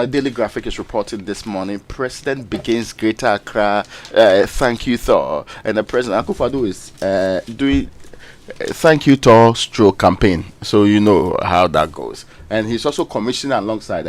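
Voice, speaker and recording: A man's voice: lowish voice, animated, moderate pace. A man with a Ghanaian English accent hosting a morning radio show, reading headlines and commenting in a conversational way. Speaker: radio host. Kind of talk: news review and political talk.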